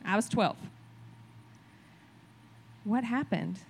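A woman speaks to a church in a relaxed, conversational sermon style. Her pitch sits in a mid range. She talks chattily and keeps checking in with her listeners as she goes. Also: drawn-out words, creaky, husky. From rural farm community. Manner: chatty, conversational, asks the crowd "right?". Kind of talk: casual sermon storytelling.

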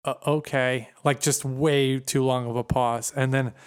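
A man's voice: medium pitch, measured pace, smooth. A young man co-hosting a podcast, telling a rambling story in casual chat and acting out the voices of the people in it. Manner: rambling, animated, acts out voices in his story. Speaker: podcast co-host.

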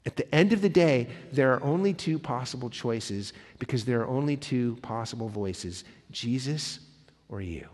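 A man preaching a sermon as a pastor, impassioned, swinging between loud emphatic lines and hushed ones. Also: medium pitch, animated, normal speed. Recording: long hall reverb.

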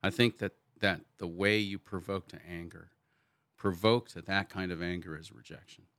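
Older man, very deep voice, dry close sound, thoughtful conversational storyteller. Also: fairly even intonation, moderate pace, fairly bright tone, no echo. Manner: reflective, storytelling, laughs easily. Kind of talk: casual conversation.

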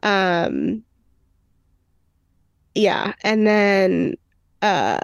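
A woman's voice: mid-range voice, very animated, extremely slow, creaky, clean tone, no room sound, studio quality. Woman rambling through a film recap. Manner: rambling recap full of "um" and "and then he's like"; reads out movie quotes in a lightly lifted voice. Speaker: podcast co-host. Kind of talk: casual chat retelling a film.

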